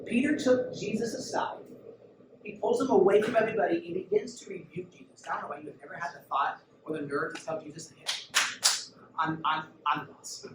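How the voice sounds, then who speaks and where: A high-voiced man preaches emphatically to a youth group. He is heard from a distance in an echoey church room. Steady noise sits under his voice. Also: fairly quick. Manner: emphatic, urges listeners to look and listen. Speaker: youth pastor. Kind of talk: sermon.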